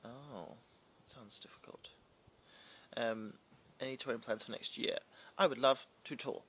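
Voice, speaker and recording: Reading live comments on a casual stream, this drag performer, a young man from New Zealand with a touch of British in his accent, is chatty and playful but scattered. The mid-range voice is unhurried, fairly bright, and husky.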